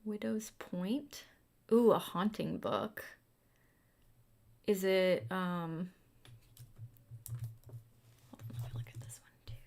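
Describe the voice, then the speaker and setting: A young woman chatting casually while carving a pumpkin, musing aloud about books and dropping now and then into quiet asides. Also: fairly low pitch, slow pace, vocal fry, long pauses. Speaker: booktuber.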